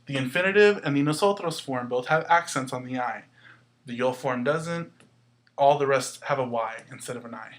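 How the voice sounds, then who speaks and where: A man teaching a Spanish lesson, explaining slowly and patiently with some fillers. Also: mid-range voice. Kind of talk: recorded classroom lesson.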